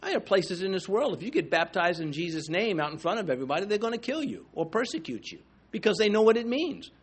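A man preaching a sermon, emphatic and swinging between loud declarations and hushed asides. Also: a little high. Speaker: pastor.

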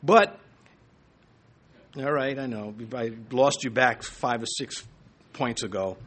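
A middle-aged man preaching a sermon, animated, with jokes and asides. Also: mid-range voice, slow pace. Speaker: pastor.

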